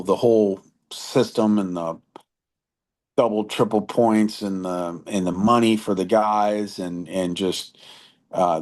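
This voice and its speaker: A man's voice: low-pitched, a little mellow. A man chatting casually as a podcast guest, laid-back and slangy, with frequent fillers and restarts. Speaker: podcast guest, motocross editor.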